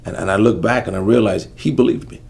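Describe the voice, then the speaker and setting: Gravelly low-voiced man telling his story. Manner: earnest, halting storytelling that drops soft at heavy moments. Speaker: interview guest. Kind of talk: personal testimony in an interview.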